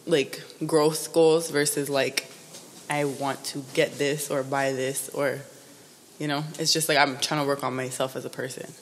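A woman's voice: a bass voice, level tone, unhurried, long reverb tail, slight background noise. A woman guest in casual podcast chat who speaks hesitantly, filling her talk with "like" and "you know". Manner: hesitant, filler-heavy.

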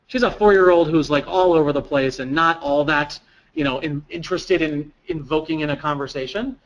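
A man's voice: on the high side, low-quality recording. A man giving an interactive training lecture to a live audience, putting questions to the room and repeating people's answers. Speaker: presenter at a staff training.

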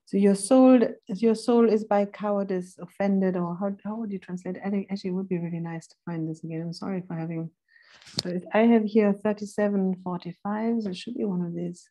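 A woman instructor giving a philosophy seminar lecture, thoughtful and pausing now and then to look up verse numbers. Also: medium pitch, steady tone, warm tone. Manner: reads quoted passages slowly and deliberately.

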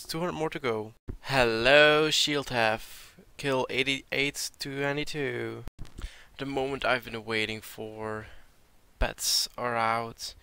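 A young man who is sick gives casual game commentary with a gravelly, bright, crisp voice. He reads out loot drops and curses when something surprises him. He is recorded close and dry on a home mic. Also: medium pitch, no room sound. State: sick, sounding a bit off. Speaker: gaming video creator.

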